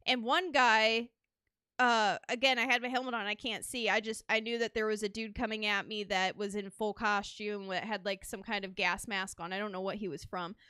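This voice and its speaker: Bright, clear-voiced woman telling stories. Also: mid-range voice, moderate pace, no echo, studio quality. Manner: animated storyteller, acts out quotes. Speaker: podcast host. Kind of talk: casual chat.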